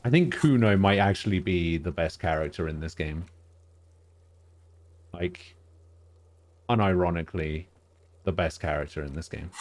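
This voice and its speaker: A man's voice: sits low, moderate pace, pauses often, a little mellow. A man streaming a video game live, chatting casually and joking at his own expense. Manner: joking, self-mocking, laughs often.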